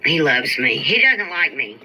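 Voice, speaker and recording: A woman's voice: deep voice, sing-song, measured pace, pushed and bright, poor audio. A woman chatting casually on a livestream, answering viewers' comments and venting with a profane, exasperated drawl. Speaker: YouTube live streamer. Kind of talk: casual live-stream chat reading viewer comments.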